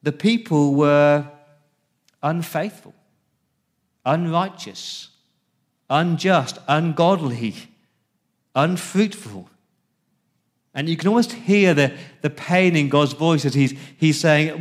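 Earnest man preaching a sermon. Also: a little high. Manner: earnest preaching, drops to a hush on key words; reads scripture slowly and deliberately. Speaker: pastor.

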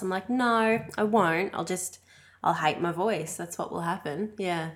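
A woman in casual podcast chat, expressive and quick to laugh. Her voice sits a little low. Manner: chatty, expressive, laughs often. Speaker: podcast co-host. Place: house.

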